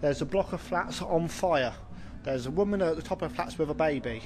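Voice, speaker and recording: A man's voice: on the high side, fairly quick, a little mellow, a little hiss or hum, rough recording. A man with a Scottish accent telling jokes on a radio phone-in, cheerfully laughing at his own punchlines. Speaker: joke-telling caller.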